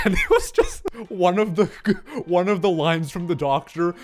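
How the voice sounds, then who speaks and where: A young man telling a comic story from his childhood, animated and sweary, with lots of exaggeration. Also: sits high, normal speed.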